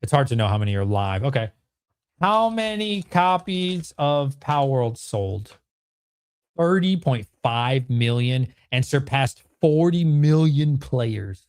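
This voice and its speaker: A man's voice: medium pitch, takes it slowly, clear, resonant tone. Thirties male streamer, fired-up and foul-mouthed, voice leaping all over as he argues with chat. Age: 30s. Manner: excitable, swears a lot, ranting at chat. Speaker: streamer host. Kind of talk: livestream Q&A chat.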